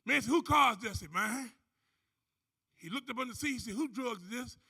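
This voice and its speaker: A man giving an animated motivational testimony on a conference stage. He tells his story as a storyteller, acting out other people's voices and whooping. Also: extremely high pitch, a little fast, husky. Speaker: conference speaker. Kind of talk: motivational testimony to a live audience.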